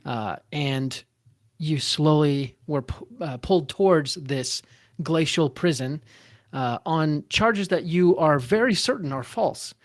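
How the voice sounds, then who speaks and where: A male game master narrates a tabletop one-shot in a halting way, stopping and restarting often between his fillers. His voice sits slightly high and sounds dry and close. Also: expressive, no echo.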